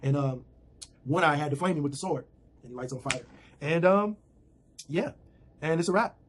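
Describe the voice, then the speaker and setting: A man's voice: on the high side, normal speed, a little hiss or hum. A man giving a slangy, rambling casual recap of a TV episode from home. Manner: slangy, rambling retelling with fillers.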